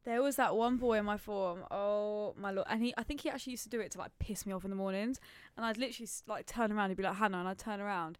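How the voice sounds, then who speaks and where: A woman's voice: mid-range voice, quick pace, few pauses, smooth, no echo. A young woman, co-hosting a podcast in a playful, teasing way. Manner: playful, teasing, laughs often. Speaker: podcast co-host. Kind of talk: casual chat.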